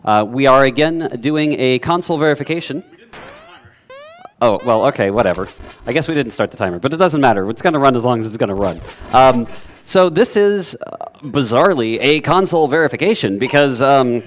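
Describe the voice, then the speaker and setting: A man's voice: mid-range voice, animated, a little fast, a little hiss or hum. Rambling man presenting a speedrun. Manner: loose and rambling, lots of "uh" and "um", laughs it off. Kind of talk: casual live commentary.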